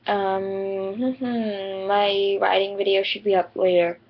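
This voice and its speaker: A teenage girl tells a story to camera slowly, with a flat delivery in a mid-range voice. The vlogger rambles chattily, leaning on "like" and "you know," over dull lo-fi webcam audio.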